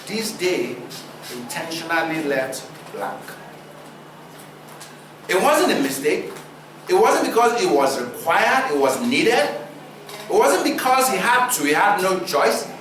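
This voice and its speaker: A man preaching a sermon, asking his listeners rhetorical questions and using deliberate pauses for effect. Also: high-pitched, fairly bright tone, a little hiss or hum. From Nigeria. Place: church hall. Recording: roomy hall recording, distant mic.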